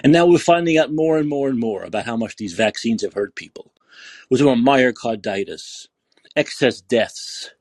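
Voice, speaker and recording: A man hosting a podcast, delivering an angry, profane political rant full of repeated rhetorical questions and yelling. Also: medium pitch, expressive, moderate pace, dry recording. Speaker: podcast host.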